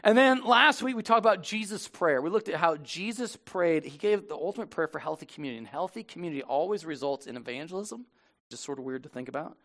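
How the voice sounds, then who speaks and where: A high-pitched middle-aged man delivers a sermon as lead pastor. He preaches casually and with animation, talking directly to the congregation in the church. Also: expressive, quick pace, a bit bright. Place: church sanctuary.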